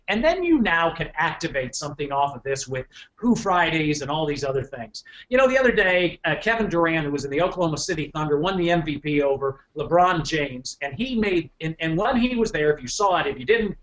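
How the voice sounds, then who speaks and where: Talking a little fast in a fairly high-pitched voice, a middle-aged man gives an animated motivational business keynote to an audience. He frequently repeats words and checks in with the room.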